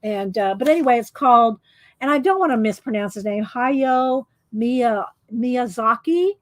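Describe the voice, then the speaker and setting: A woman with a slightly high voice talks in a loose, rambling way, full of ums and self-corrections. It sounds like casual show-and-tell chat to viewers. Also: lively intonation, measured pace, no echo. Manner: rambling, chatty, many fillers and restarts. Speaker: art book vlogger.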